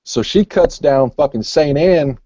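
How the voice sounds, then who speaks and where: A man's voice: on the high side, unhurried, warm tone, dry recording. A man rambling through a long, crude story in casual chat, swearing constantly. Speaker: podcast co-host. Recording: muffled lo-fi recording.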